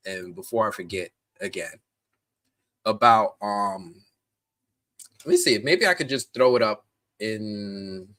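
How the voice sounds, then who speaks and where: With a fairly low voice, he takes it slowly and leaves long pauses while hosting a live stream. The man, from the United States, is casual yet animated, speaks directly to chat viewers, and restarts often.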